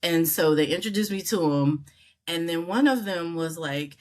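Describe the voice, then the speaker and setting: Animated woman telling a story. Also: moderate pace. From United States. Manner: animated, acts out quoted voices with big pitch jumps. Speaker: interview guest. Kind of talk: casual storytelling.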